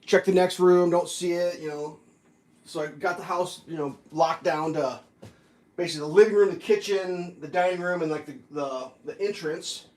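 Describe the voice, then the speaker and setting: A man with a fairly high voice tells a rambling story over breakfast at home. He talks casually and gets animated when the story heats up, sometimes slipping into silly voices. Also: moderate pace. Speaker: vlogger.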